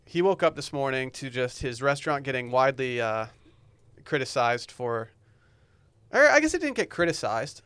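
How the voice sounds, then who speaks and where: A man's voice: medium pitch, big pitch swings, moderate pace, fairly bright tone, smooth, no room sound. A young man co-hosting a casual podcast, telling rambling, jokey stories. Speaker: podcast co-host. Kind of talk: casual chat.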